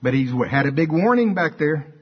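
Husky older preacher man. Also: on the high side, lively intonation, brisk. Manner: folksy, conversational preaching with repetition and call-and-response. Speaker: pastor. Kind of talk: sermon. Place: church. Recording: dull lo-fi sermon recording.

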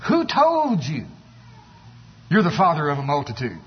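A man's voice: high-pitched, sing-song, normal speed, slightly rough, full character voice. A man playing a skeptical old desert neighbor, asking in a raised, incredulous voice. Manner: incredulous, polite yet doubting. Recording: echoey hall, dull sound.

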